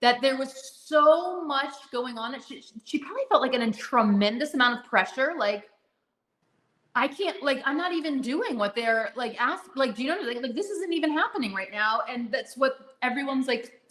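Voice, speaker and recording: A woman with a fairly high voice gushes through a casual fan chat, rambling and restarting her sentences with plenty of fillers. Her voice rings a bit in an echoey room. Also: lively intonation, moderate pace, a bit bright. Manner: gushing, rambling with many fillers. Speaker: podcast co-host.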